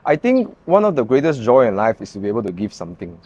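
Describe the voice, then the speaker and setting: A man's voice: mid-range voice, big pitch swings, fast, dark tone, muffled recording. A man, hosting a podcast and encouraging his guest with agreeable prompts. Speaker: podcast host. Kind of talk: casual interview chat.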